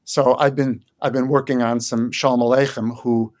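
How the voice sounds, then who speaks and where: An older man from Chicago speaks as a guest in an interview, his voice sitting at an ordinary middle pitch. He explains things thoughtfully, with frequent ums and short pauses as he searches for words. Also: level tone. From Chicago, United States. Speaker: guest Yiddish scholar. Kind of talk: conversational interview.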